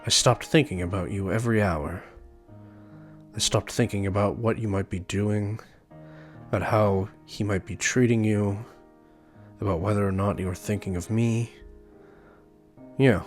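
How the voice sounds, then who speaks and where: Man reading remorseful young guy, low voice, slow, reflective, game dialogue. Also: steady tone, soft background music, natural voice. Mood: somber. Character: remorseful young man, quiet and self-aware.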